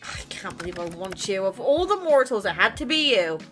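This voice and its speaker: A woman voicing a guarded, teasing young male grim reaper from a romance game, speaking low and grudgingly. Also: sing-song, fairly quick, a bit bright, soft background music. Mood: quiet.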